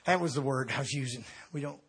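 A middle-aged man, an evangelist, telling a comic story in a sermon, swinging between shouting and quiet confession. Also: mid-range voice, fast, husky. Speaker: evangelist preacher.

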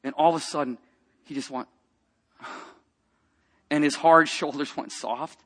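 A man preaching a personal testimony, telling a story with lively acted-out quotes and dropping to a hush for tender moments. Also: a little high, slow. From grew up in a rough biker family.

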